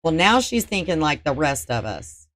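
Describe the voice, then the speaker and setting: A woman's voice: low-pitched, very animated, moderate pace, noisy background. A woman host narrating a murder trial recap, reading out testimony and adding dry, sarcastic asides. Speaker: true-crime channel host.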